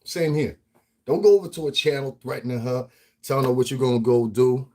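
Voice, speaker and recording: A man from the Northeastern United States giving a casual, profane commentary rant as a vlogger, animated and often laughing. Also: medium pitch, fairly quick.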